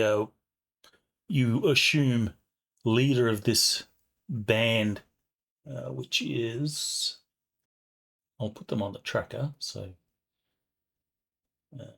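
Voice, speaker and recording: A man narrating a tabletop game as game master, slow and halting with many fillers. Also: medium pitch, creaky.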